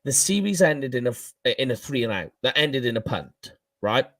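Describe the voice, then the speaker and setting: A man with a Welsh accent co-hosting a casual sports podcast, animated and quick to laugh at his own slips. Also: medium pitch, dry recording. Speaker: co-host.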